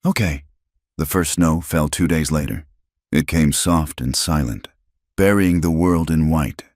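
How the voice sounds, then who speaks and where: Male audiobook narrator, very deep, steady measured delivery, dry close mic. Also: dry recording.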